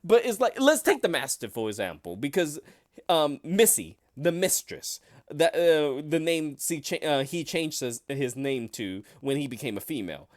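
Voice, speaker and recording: A man chatting casually about a favorite show, his voice sitting fairly high for a man and swinging widely in pitch. He keeps pausing on fillers and restarting his sentences as he works through a thought. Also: big pitch swings. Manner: hesitant, many fillers and restarts. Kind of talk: casual fan discussion.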